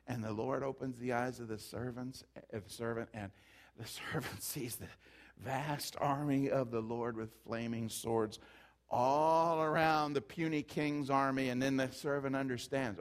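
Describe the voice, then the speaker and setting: A man preaching a sermon, building from hushed passages to loud, emphatic peaks. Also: a little high, fairly even intonation, normal speed.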